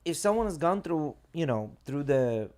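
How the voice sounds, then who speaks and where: A man's voice: on the high side, sing-song, normal speed, a little mellow. A man co-hosting a casual podcast chat, rambling and filling his sentences with "like" and "you know.". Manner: rambling, leans heavily on filler "like" and "you know". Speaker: podcast co-host.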